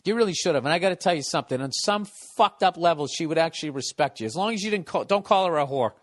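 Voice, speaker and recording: A podcast host talking off the cuff in a blunt, cynical rant. He swears constantly and trips over his own words, restarting sentences as he goes. His voice sits somewhat high for a man. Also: animated, fast talker. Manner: profane, rambling, stumbles and restarts.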